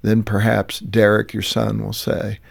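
A man's voice: on the low side, completely flat delivery, measured pace, creaky. A middle-aged man hosting a radio interview, asking thoughtful, probing questions with rising emphasis on the key points. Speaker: radio show host.

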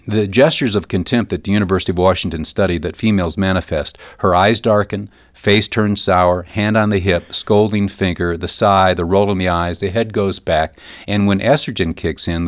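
A man's voice: deep voice, moderate pace, dry recording, clean studio sound. A man being interviewed about parenting, speaking earnestly and acting out the people in his stories. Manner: earnest, acts out quoted mothers and sons. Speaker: guest author on parenting. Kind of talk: radio interview talk.

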